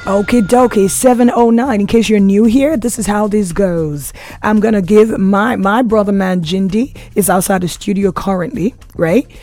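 A man's voice: sits high, darkish tone, no room sound. A man hosting a breakfast radio word game, upbeat and teasing with callers. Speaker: radio host.

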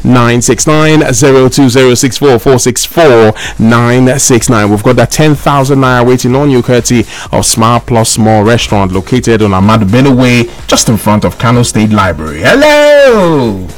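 A man with a Nigerian accent hosting a radio phone-in game, excitable and quick to shout and laugh with callers. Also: medium pitch. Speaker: radio host.

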